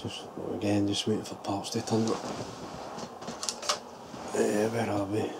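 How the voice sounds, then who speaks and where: Speaking a little slowly in a low, monotone voice, a man walks through his homemade model trailer, musing aloud with loose restarts. It's a casual show-and-tell vlog, and the recording has clear background ambience noise.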